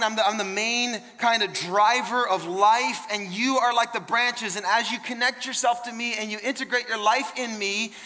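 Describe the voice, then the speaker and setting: Male pastor, high voice, conversational sermon, long hall reverb. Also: sharp tone. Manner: emphatic, conversational preaching with repeated words and restarts.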